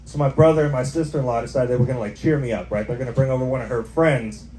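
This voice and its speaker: A man's voice: mid-range voice, fairly even intonation, rapid-fire, dark tone. Rambling young stand-up guy in a bar. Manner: casual rambling delivery with frequent "like" and "right?". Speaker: stand-up comedian. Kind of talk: stand-up set. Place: bar with live audience. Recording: echoey bar with background noise.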